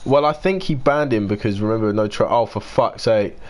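This nineteen-year-old from the United Kingdom chats loosely on his live stream, replying to viewers by name while cursing and grumbling through his game. His fairly low voice moves a little fast.

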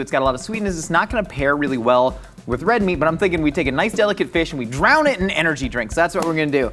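A man's voice: fairly high pitch, a bit bright. A young man from Southern California with a Southern Californian accent, hosting a cooking show in a jokey, rambling, self-mocking way. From Orange County, California. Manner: goofy, rambling, self-mocking, laughs at his own puns. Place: studio kitchen.

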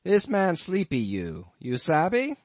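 A man's voice: high-pitched, wildly swooping pitch, unhurried, darkish tone, no room sound, voice pushed up, exaggerated voice. A man playing a grinning, teasing innkeeper. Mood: amused. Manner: amused, reassuring. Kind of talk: audiobook character voice.

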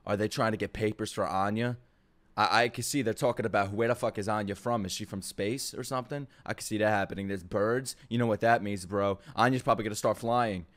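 A young man giving a profane, jokey reaction to an anime opening, swinging between low murmurs and excited shouts. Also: fairly quick. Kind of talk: live reaction commentary.

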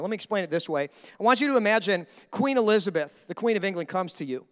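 A male pastor preaching a sermon in a lively, conversational way, often checking in with "right?". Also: high-pitched, fast, hardly any pauses. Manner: energetic, conversational preaching with frequent "right?" asides. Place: church. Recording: echoey church hall.

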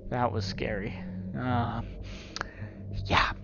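A man's voice: mid-range voice, expressive, extremely slow, highs cut off, over music. A man playing a horror game and commenting, joking at the game's portraits and yelping when startled. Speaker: gaming YouTuber.

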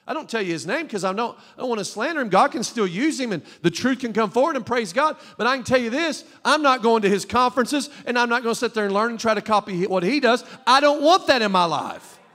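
A male pastor preaching a fervent sermon in a church, at times rising to shouts. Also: very high-pitched, animated, quick pace, hardly any pauses. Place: church sanctuary. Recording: long hall reverb.

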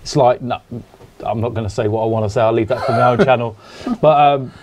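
A man's voice: medium pitch, fairly quick, a little mellow, slight background noise. A man from England in a casual podcast chat, talking bluntly and passionately and swearing freely. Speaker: podcast guest.

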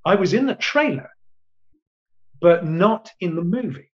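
A man's voice: high voice, expressive, unhurried, highs cut off. A man in his sixties, an actor being interviewed, telling long anecdotes with many restarts and quoted asides. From England. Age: 60s. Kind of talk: casual storytelling in an interview.

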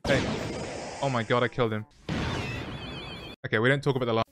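An excitable young man talks through his video game session with quick jokes and self-mocking remarks. His voice sits at a middle pitch, and faint music plays underneath. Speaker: gaming YouTuber. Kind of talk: playthrough commentary with voice-over narration.

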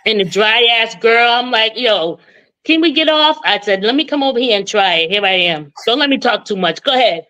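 A woman's voice: medium pitch, brisk, hardly any pauses, sharp tone, highs cut off. A woman in her forties from Boston with a Boston accent, chatting as a caller on a live call-in show in a talkative way. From Boston, Massachusetts. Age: 40s. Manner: chatty, talks over the host, laughs often. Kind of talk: casual call-in chat.

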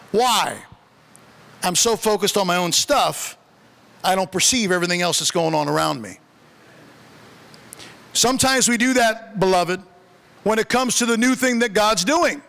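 A man's voice: very high-pitched, bright, forceful tone. A male pastor preaching a sermon in a church, telling humorous, conversational stories. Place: church sanctuary. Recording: long church reverb.

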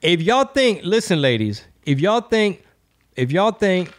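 A man hosting a casual comedy podcast, profane and riffing, slipping into quick impressions. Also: sits high, very animated. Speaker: podcast host.

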